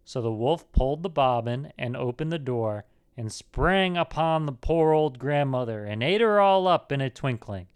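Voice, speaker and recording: A man narrating a fairy tale aloud with an expressive storyteller's delivery. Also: mid-range voice, clean tone.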